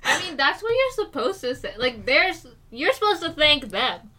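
A young American woman in casual chat, acting out quoted lines with big pitch jumps. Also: big pitch swings, normal speed, bright, forceful tone. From United States.

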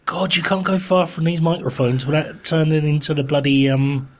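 A man's voice: a little high, fairly even intonation, moderate pace. A man co-hosting a podcast, dry and teasing, swearing often in casual banter. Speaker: podcast co-host. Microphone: studio microphone.

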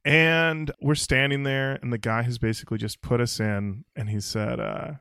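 A man hosting a podcast, telling stories in a jokey, animated way. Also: medium pitch, normal speed, vocal fry, few pauses, clean tone, dry recording, clean studio sound. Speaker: podcast host. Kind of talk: casual podcast chat and storytelling.

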